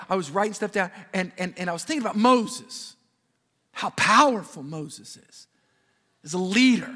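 High-voiced preacher in a reverberant hall. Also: male voice, gravelly. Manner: animated storytelling with jokes. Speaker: pastor. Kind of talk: sermon.

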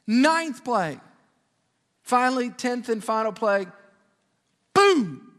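A man with a very high voice preaches in a lively, storytelling manner, breaking into jokes as he goes. His voice rings with the long reverb of a large church hall. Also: normal speed. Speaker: pastor. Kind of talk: sermon.

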